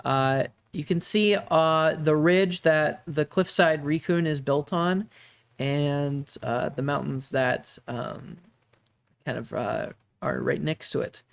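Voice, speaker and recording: A man running a tabletop game stream as game master, narrating with many halting fillers. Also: a little high, vocal fry, clear, resonant tone.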